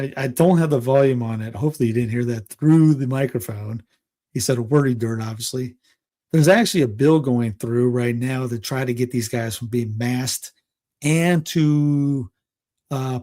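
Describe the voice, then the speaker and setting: With a medium pitch, steady and warm tone, and normal speed, this man hosts a casual rundown of political news. He reads the headlines, then drifts into sarcastic side comments with light chuckles, frequently restarting and filling gaps with filler words.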